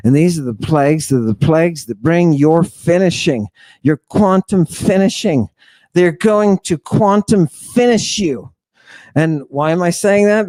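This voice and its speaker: A man's voice: fairly high pitch, dark tone, no room sound. A man hosting an irreverent, theatrical lecture, mocking and talking straight to his audience. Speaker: host. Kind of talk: irreverent lecture on ancient texts.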